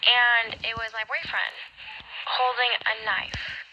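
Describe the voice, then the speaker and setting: Woman, very sharp bright tone, casual rambling storytelling, filler-heavy. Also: on the high side, level tone, takes it slowly, dull audio, slight background noise.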